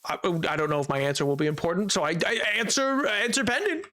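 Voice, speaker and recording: A man's voice: high-pitched, sing-song, quick pace, bright, forceful tone, faint music behind. A male streamer chatting casually on a live stream, rambling, stumbling over his words and breaking into giggles.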